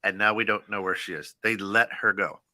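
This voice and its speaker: An American man co-hosting a casual internet radio talk show, talking in halting bursts with many fillers and restarts, often laughing. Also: fairly low pitch, flat delivery, pushed and bright, slight background noise. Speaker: co-host.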